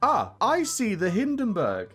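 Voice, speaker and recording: Brief: young male gaming YouTuber, higher-pitched, excitable, chatty, faint music under. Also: unhurried. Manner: excitable, laughs often, stumbles and repeats words. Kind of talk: casual gameplay commentary.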